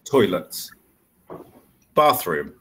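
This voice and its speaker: A man's voice: deep voice, big pitch swings, very slow, bright, forceful tone. A man tutoring English one-on-one over a video call, patiently explaining step by step. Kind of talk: one-on-one online lesson.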